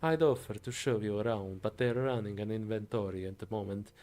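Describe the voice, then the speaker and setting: A man voicing a proud, idealistic male engineer in a put-on Italian accent, declaiming loudly in a game voiceover. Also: on the low side, brisk, close to an everyday voice.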